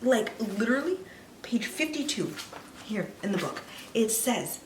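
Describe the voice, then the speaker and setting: Animated, tipsy woman ranting about books. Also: fairly high pitch, measured pace, noisy background. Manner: animated, swearing, drops to whispers. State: a little tipsy. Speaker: book vlogger. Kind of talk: casual ranting review. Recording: echoey room, mic a bit distant.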